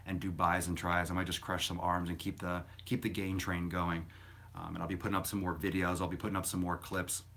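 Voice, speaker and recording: A man with a low, deep voice chats loosely on a fitness live stream. He rambles from point to point and answers viewer questions bluntly, with the odd curse thrown in. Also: a bit bright. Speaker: fitness livestream host. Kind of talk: casual live-stream chat.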